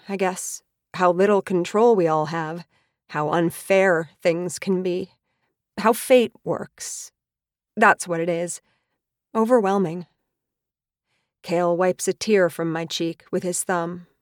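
Low-voiced woman narrating an audiobook. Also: dry recording, studio quality. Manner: earnest, reflective reading with acted dialogue. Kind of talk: first-person audiobook narration.

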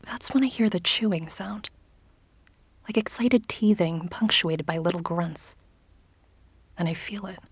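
A woman narrating a first-person story in an audiobook, in a hushed, often whispered, intimate delivery. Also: fairly low pitch, unhurried, pauses often, husky, dry recording.

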